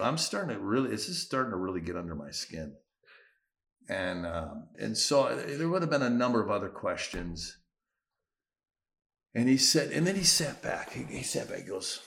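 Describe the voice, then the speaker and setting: A missionary pastor telling a personal story in a sermon, animatedly acting out the dialogue. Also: male voice, fairly low pitch, big pitch swings, normal speed, gravelly, a bit bright.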